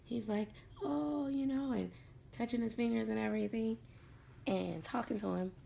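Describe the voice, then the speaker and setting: A woman's voice: a little high, fairly even intonation, normal speed, creaky, warm tone, slight background noise. A middle-aged woman chatting casually to her viewers, telling a funny story about her dolls and laughing along as she acts out what others said. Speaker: doll collector vlogger.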